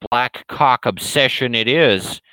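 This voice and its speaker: A man voicing a belligerent, loudmouthed male internet troll in a higher, louder, slow and drawn-out ranting voice. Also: no room sound, poor audio. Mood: mocking rant. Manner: ranting, insulting, drawn-out emphatic delivery.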